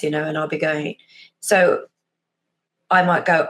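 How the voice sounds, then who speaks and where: Chatty woman, lowish voice. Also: fairly even intonation, normal speed, long pauses, fairly bright tone. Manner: chatty, self-deprecating, acts out little examples. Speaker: guest, behavioural profiler. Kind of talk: casual interview chat.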